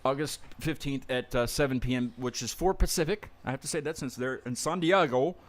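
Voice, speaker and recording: A man's voice: medium pitch, brisk. A man hosting a casual podcast interview, rambling, stumbling over his words and laughing often. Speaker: podcast host.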